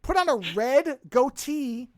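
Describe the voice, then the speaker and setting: A podcast co-host in casual chat, talking in an animated, rambling way with frequent restarts. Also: high-pitched, slow pace, no room sound, studio quality.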